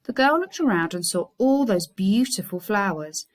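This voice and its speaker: An English-accented primary school teacher reads a fairy tale to her class with expressive storytelling flair, her mid-range voice moving at a moderate pace.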